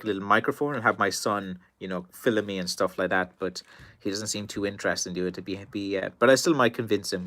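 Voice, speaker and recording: Irish guy rambling on a live stream, tired worn voice, coughs now and then, lower pitch but a bright forceful edge. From Ireland. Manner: rambling, many fillers and restarts. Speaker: stick maker answering live chat. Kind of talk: casual live-stream chat.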